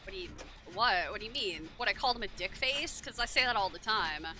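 Woman game streamer, lively pitch, cussy and irritable, chatty commentary over loud game music. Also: quick pace. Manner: irritable, swears a lot, talks to herself and to chat. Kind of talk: casual live-stream commentary.

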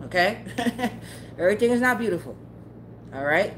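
Her medium-pitched voice is animated and fairly bright, moving at a normal speed with long pauses, and there's slight noise behind her. She's a tarot streamer ranting profanely and bluntly to her live chat, heated but frequently laughing.

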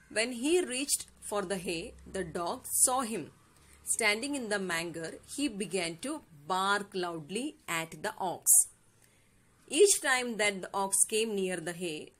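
An Indian English-accented woman teacher reads a fable to her class and patiently explains each word slowly, often asking "yes or no?" Her voice is mid-range and fairly bright.

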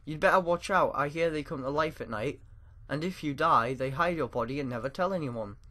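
A sneering teenage bully who mocks a scared little kid, read out by a man playing a video game. The lines come out flat and taunting in a fairly high voice. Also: fairly quick. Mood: mocking.

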